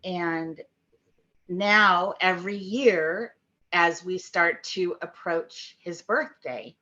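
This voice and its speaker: A middle-aged woman speaking candidly and haltingly about grief, with many fillers, in a personal talk to camera. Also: fairly low pitch, sharp tone, muffled recording. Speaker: grief vlogger.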